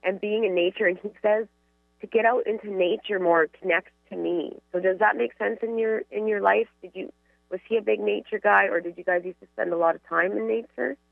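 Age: adult. Sex: woman. Style: gentle, filler-heavy medium talk over a dry, phone-like line. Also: medium pitch, steady tone, a little fast, creaky, no echo. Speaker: psychic medium, co-host. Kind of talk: relaying spirit messages in casual chat.

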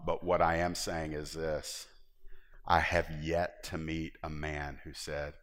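Low-voiced male pastor preaching in a reverberant hall. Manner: animated, jumps into high voices acting out David; conversational, joking asides to the congregation. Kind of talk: sermon. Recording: long reverb of a large hall.

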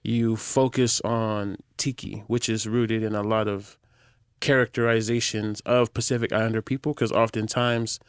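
A man's voice: on the low side, flat delivery, normal speed, clear, resonant tone, dry recording, clean studio sound. A man co-hosting a casual podcast, easygoing and slangy, asking thoughtful questions. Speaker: podcast co-host.

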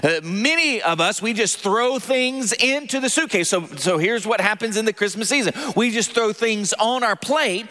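A Southern US pastor preaching with a high, lively voice that swings up and down as he calls for the congregation's replies. He keeps a bright, forward tone and drops in jokes about himself. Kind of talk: sermon.

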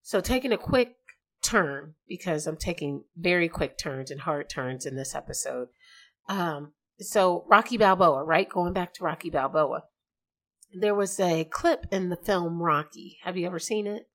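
Chatty woman host with gravelly fry. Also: on the low side, lively intonation, measured pace. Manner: chatty, slangy, jumping between asides. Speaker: podcast host. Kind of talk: casual chat.

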